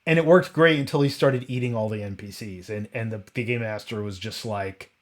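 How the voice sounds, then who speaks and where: Hosting a casual roundtable chat, a man rambles through tangents and rhetorical questions, frequently restarting and correcting himself. His voice is lowish and fairly quick.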